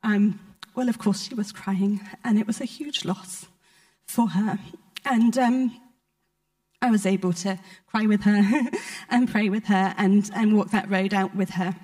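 A woman from the United Kingdom speaks to a church congregation, recounting a personal testimony. She talks at an ordinary, mid-range pitch in a sincere, conversational way. Her speech is sprinkled with soft hesitations as she tells the story. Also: fairly even intonation, a little slow. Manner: personal, heartfelt testimony with frequent ums. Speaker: preacher. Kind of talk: sermon storytelling.

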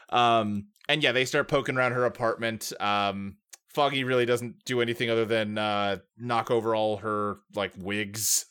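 A man's voice: on the low side, fairly even intonation, measured pace, fairly bright tone, clear, resonant tone. A man co-hosting a casual podcast, recounting film scenes in detail and chuckling often. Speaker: podcast co-host. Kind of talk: casual movie recap chat.

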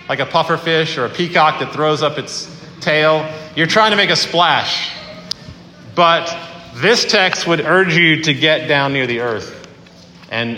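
A man preaching a sermon in a conversational, animated way, retelling scenes vividly. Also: mid-range voice, a little hiss or hum. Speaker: pastor. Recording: echoey hall with long reverb.

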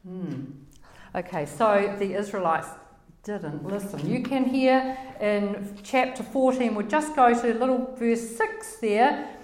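A woman's voice: medium pitch, slow pace, darkish tone. A woman with a crackly voice giving a conversational Bible teaching, emphatic and full of rhetorical questions. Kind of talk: conversational sermon. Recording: roomy echo.

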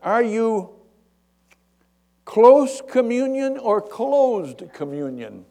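Guy doing a high yelling pushy baptist pastor, joke voice, gravelly. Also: expressive, drawn-out words, exaggerated voice. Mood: eager yelling. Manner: yelling, eager interrogating. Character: zealous male Baptist pastor yelling upward.

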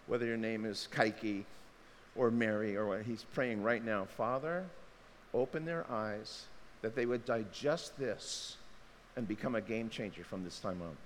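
Animated male preacher in a reverberant hall. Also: mid-range voice, a little hiss or hum. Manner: animated, shifts between quiet asides and loud emphatic bursts. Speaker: pastor. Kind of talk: sermon. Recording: hall reverb with faint ambience.

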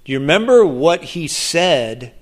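A man preaching a sermon as pastor, animated, acting out the voices of the people he quotes, often restarting his sentences. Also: fairly high pitch, unhurried.

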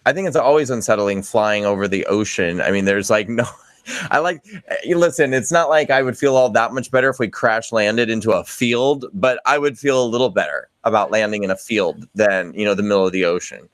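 A man's voice: fairly low pitch, a little fast, no room sound. A man who is a guest on a podcast, chatting casually in an easygoing, self-deprecating way. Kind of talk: casual chat.

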